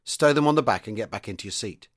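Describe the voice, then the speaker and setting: A man's voice: on the low side, expressive, quick pace. A man voicing a young, earnest tank commander who tries to sound stern giving orders. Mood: ordering.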